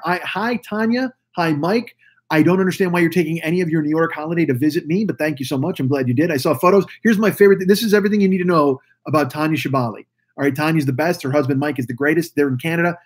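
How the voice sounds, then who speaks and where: A man's voice: on the high side, slightly rough. A man hosting a live stream, rambling and swearing casually as he greets viewers over a webcam mic. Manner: profane, rambling, chatty. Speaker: live stream podcast host.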